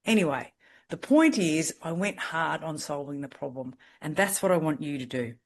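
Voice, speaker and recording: A woman salon business mentor coaching a group over a video call, talking in a blunt, direct and energetic way. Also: sits low, moderate pace.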